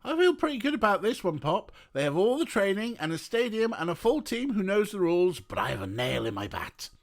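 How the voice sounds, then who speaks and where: A man doing a high, cheeky young girl. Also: brisk. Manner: bright, cheeky and excited. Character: cocky young girl, team captain, cheeky.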